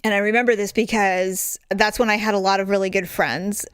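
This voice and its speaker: A woman in her forties co-hosting a podcast, telling family stories in a casual, animated way and acting out relatives' lines. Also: medium pitch, fairly quick, clear, resonant tone, no room sound. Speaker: podcast co-host. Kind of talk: casual chat.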